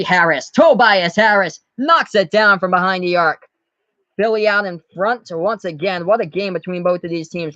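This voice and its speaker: A man from the US Northeast giving live play-by-play commentary on his stream, calling the score briskly and talking to his chat. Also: high-pitched, a bit bright, no room sound, lo-fi sound.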